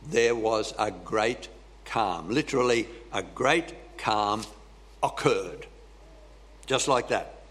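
A man preaching a sermon slowly and deliberately, pausing for emphasis and clearing his throat often. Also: lowish voice, animated, a bit bright. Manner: slow, deliberate preaching with dramatic pauses.

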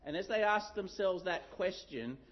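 A middle-aged man preaching a sermon, telling a story with lively acted-out shouts. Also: high voice, moderate pace. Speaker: pastor. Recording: dull lo-fi sound.

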